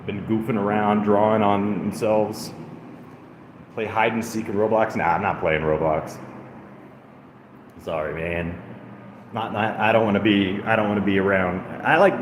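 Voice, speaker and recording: A man's voice: on the low side, little pitch movement, measured pace, long pauses, roomy sound, background noise. A man streaming casually from an apartment, rambling and self-deprecating, cooing at a cat between thoughts. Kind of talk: casual livestream chat. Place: indoors in an apartment.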